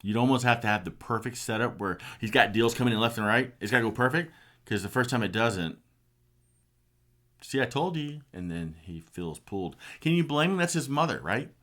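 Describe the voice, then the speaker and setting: A man's voice: medium pitch, animated, brisk, fairly bright tone. A middle-aged man giving an earnest, passionate personal testimony. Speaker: speaker sharing a personal story.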